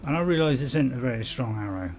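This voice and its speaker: Excitable man commentating his gameplay. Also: mid-range voice, fast, soft background music. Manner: excitable, talks to himself, swings between panic and calm. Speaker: gaming channel host.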